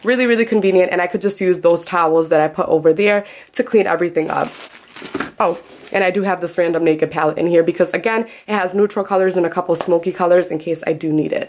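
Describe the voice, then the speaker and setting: A young woman talks through her makeup kit in a relaxed, upbeat vlog. Her delivery is chatty and casual, with plenty of asides. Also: on the low side, fast. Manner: chatty, upbeat, lots of "literally". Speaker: freelance makeup artist.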